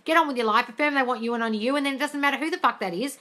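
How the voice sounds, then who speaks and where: A woman's voice: high-pitched, rapid-fire, fairly bright tone. A woman hosting a casual live-stream Q&A, reading viewer questions and answering them bluntly with plenty of swearing.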